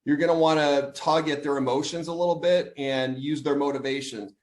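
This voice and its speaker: A man coaching real estate agents in a casual teaching chat, playing out sales pitches as role play. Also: steady tone, fairly quick, a little mellow, reverberant.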